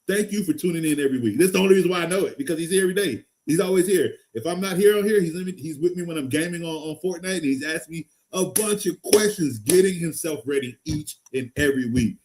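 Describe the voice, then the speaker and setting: A man hosting a live fantasy football stream, excitable and rambling, going from loud hype to low mutters. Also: fast talker, hardly any pauses. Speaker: fantasy football show host. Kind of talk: casual live-stream talk.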